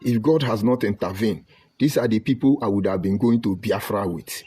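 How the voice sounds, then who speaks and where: A Nigerian man from Delta State giving an impassioned online broadcast, preaching emphatically and swinging between loud outbursts and low murmurs. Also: normal speed, slightly rough, no room sound. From Nigeria (Delta State, Ika). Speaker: online commentator.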